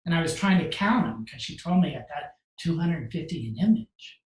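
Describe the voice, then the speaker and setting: Animated man telling a story in an echoey room. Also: fairly high pitch, normal speed. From United States. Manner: animated, acts out quoted dialogue. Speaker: guest photographer. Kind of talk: casual storytelling. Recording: roomy echo.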